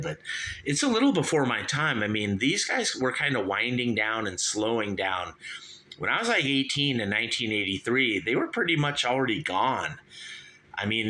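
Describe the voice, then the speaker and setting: A man's voice: fairly low pitch, bright, forceful tone. A man in his fifties hosting a show, rambling through a casual music review and calling his listeners "you guys". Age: 50s. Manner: rambling, chatty, keeps saying "you guys". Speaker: show host.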